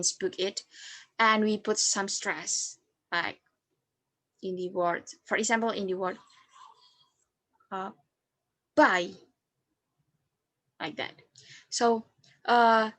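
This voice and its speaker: A young woman from Indonesia talks through a class presentation at an unhurried, deliberate pace. She is not an English speaker, so she often stops on fillers and goes back to fix her own words. Her pitch sits in the middle of the usual range. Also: fairly bright tone. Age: young adult. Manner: hesitant, with frequent fillers and self-corrections. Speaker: student presenter.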